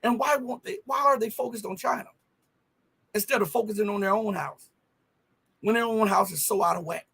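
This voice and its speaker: A man's voice: high-pitched, fairly quick, vocal fry, pauses often, fairly bright tone, husky. A man hosting a live news commentary stream, talking emphatically and firing off rhetorical questions. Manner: emphatic, rhetorical questions, frequent "okay?" and "right?".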